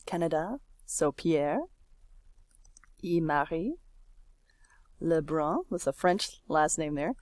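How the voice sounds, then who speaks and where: A woman teaching a lesson with a lowish voice and a very unhurried pace, drawing out words so learners can follow. She is recorded close on a dry microphone with no room sound. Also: a little mellow, no room sound. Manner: explains slowly, stretching out words for learners. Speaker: Spanish teacher. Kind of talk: screen-recorded lesson walkthrough.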